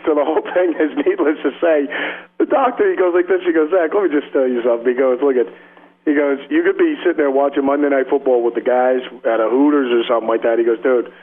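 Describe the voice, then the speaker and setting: A man in a casual radio interview who rambles through his stories in slangy talk, laughs often, and plays the other people in them. His voice sits at an ordinary middle pitch. The sound is slightly dull, like radio audio. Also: fairly even intonation, quick pace. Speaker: rock guitarist guest.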